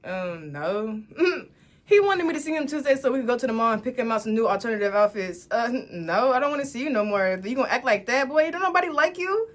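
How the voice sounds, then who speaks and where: A young woman from Dallas tells a dating story straight to her viewers in a casual vlog. She sits a little higher in pitch than most women and puts lively drama into every line. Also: fast talker. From Dallas, Texas, USA. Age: 20s. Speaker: storytime vlogger.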